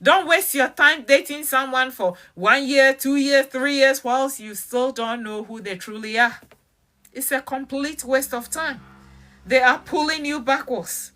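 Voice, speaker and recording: A woman giving a motivational talk, emphatic and direct, repeating key phrases slowly and challenging the listener with questions. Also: high voice, pushed and bright. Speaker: motivational speaker.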